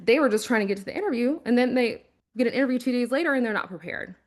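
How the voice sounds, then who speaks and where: Chatty woman giving career advice. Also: fairly high pitch. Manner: conversational, animated, quick asides and acted-out quotes. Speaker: former recruiter and career coach. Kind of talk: casual career-advice talk.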